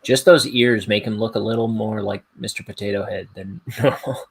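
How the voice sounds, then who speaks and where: Male co-host, deep, husky and gravelly, deadpan banter. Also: normal speed. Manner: dry, joking. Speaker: comic artist co-host. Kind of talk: casual chat.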